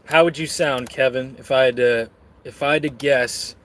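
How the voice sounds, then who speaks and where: A man's voice: mid-range voice, steady tone, normal speed, no echo. A man chatting casually on camera while eating and reading out chat, full of crude, rambling, self-mocking jokes. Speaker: streamer reading chat messages.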